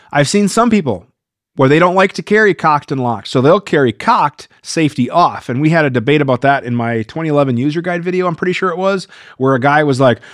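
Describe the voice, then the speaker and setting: A man's voice: on the high side, dry recording, studio quality. A man hosting a live viewer Q&A stream, talking casually and getting worked up as he rambles. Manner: animated, gets worked up and rambles.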